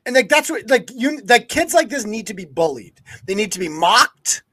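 A man's voice: high voice, sing-song, normal speed, bright, forceful tone, dry recording. A man hosting a live news-commentary podcast, ranting with heavy profanity and sarcasm. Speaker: podcast host.

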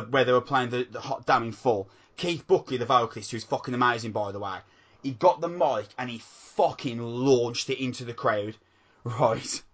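A man co-hosting a podcast, chatting excitedly and swearing constantly. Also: mid-range voice. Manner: excitable, swears a lot, calls people mate. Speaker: podcast co-host. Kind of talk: casual chat.

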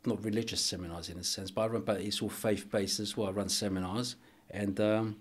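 A middle-aged man, a guest on a podcast interview, telling a personal story in an earnest, halting way with many restarts. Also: on the low side, steady tone. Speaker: archbishop and boxing coach, guest.

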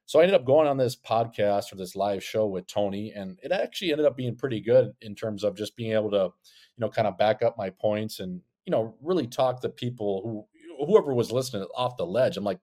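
A man's voice: on the low side, animated, fairly quick, dark tone. A man telling a rambling story on a casual podcast, profane and joking. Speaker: podcast co-host, former hockey player. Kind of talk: casual chat. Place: Scottsdale.

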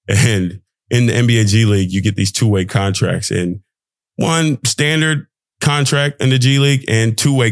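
A man's voice: mid-range voice, no room sound. Dry, rambling young male podcast host. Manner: rambling, emphatic, swears for emphasis. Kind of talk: casual motivational monologue.

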